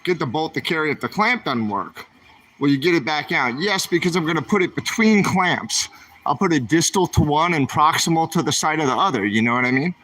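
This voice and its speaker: A man's voice: a little high, animated, brisk, fairly bright tone. A man, streaming while he walks the aisles of a store, chatting and asking his viewers questions. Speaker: vlogger. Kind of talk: livestream vlog while shopping.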